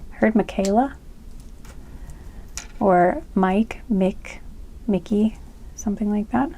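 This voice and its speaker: A woman's voice: mid-range voice, slow pace, mellow, slight background noise. A young woman giving a casual card reading, chatty and full of "um" and "like". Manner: chatty, lots of fillers like "um" and "like"; giggly, laughing fits. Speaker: tarot reader.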